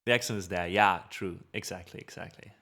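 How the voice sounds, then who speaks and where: This livestream host, a German man with a noticeable accent, keeps things light and cheerful as he reads viewers' messages aloud on his music stream, laughing frequently. He has a deep, sharp-toned voice and talks fairly quickly.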